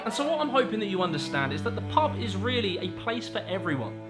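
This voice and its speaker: A man's voice: high voice, very animated, quick pace, a loud crowd. A young man narrating a comic explainer in a wry, playful way. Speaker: YouTuber. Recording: light music underneath.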